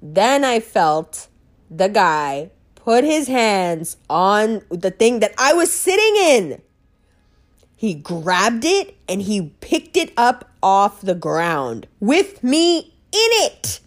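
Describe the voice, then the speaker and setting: A woman's voice: medium pitch, very slow. Blunt, profane woman telling stories. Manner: blunt, profane, animated, laughs often. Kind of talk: casual storytelling monologue.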